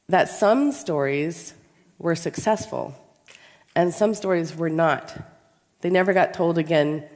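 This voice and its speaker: A woman with a cold, giving a storytelling conference talk in an anecdotal, measured way with pauses. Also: on the low side, darkish tone. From American South. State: has a cold. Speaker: conference speaker. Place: large conference hall. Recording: long reverb in a large hall.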